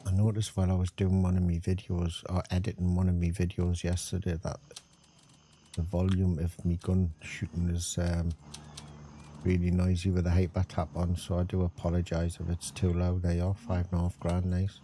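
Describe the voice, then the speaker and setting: A man's voice: low-pitched, completely flat delivery, normal speed, warm tone, a little hiss or hum. A middle-aged man, chatting casually and rambling as he gives gameplay commentary. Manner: chatty, rambling, self-deprecating. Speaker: gaming channel host.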